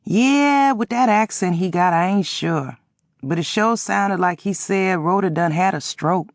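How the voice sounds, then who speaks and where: A woman's voice: on the low side, unhurried, no room sound, clean studio sound. A woman voicing a tired old father who grumbles and rambles. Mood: grumbling.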